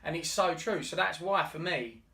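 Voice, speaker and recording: A man's voice: fairly high pitch, animated, moderate pace, creaky, bright, forceful tone, distant mic. A man co-hosting a podcast, talking earnestly in casual chat and often restarting his words. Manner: earnest, many restarts and stammers. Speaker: podcast co-host. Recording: roomy, off-mic.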